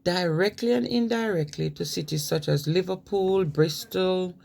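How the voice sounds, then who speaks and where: A woman's voice: lowish voice, normal speed, vocal fry, a little mellow. A woman reads a prepared talk to her viewers. She keeps stopping to add emphatic asides of her own. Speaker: vlogger.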